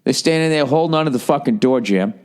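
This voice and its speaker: A man's voice: medium pitch, fast talker. A middle-aged man hosting a podcast, telling a rambling, profane story and nursing a lingering cough. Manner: profane, rambling, animated impressions. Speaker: podcast host. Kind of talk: casual storytelling monologue.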